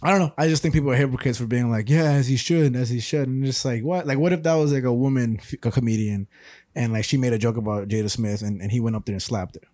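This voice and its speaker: Young man, podcast co-host, slangy casual banter, rapid speech, mid pitch. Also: a little mellow, dry recording, studio quality. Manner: laid-back slangy banter, laughs often. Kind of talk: casual chat.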